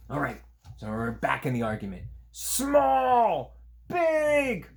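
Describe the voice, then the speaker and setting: A man reading a picture book aloud to young children, chatting gently about the pictures between pages. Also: mid-range voice, a little fast, vocal fry, a little hiss or hum. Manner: animated, gentle, talks to young listeners. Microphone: camera on a tripod.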